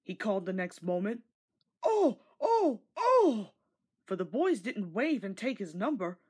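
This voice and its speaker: A woman narrating a storybook read-along, gentle and expressive with a breathy voice. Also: mid-range voice, moderate pace.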